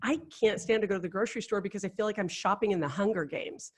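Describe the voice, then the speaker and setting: A woman's voice: medium pitch, fast talker. Chatty woman, candid storyteller. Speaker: life coach, guest. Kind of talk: casual chat.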